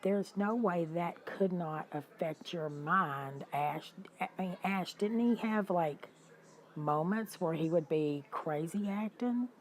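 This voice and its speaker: A woman, hosting a livestream and telling stories in an animated, indignant way while talking to her viewers. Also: on the low side, slow, rough recording. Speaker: livestream host. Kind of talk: casual storytelling to live chat.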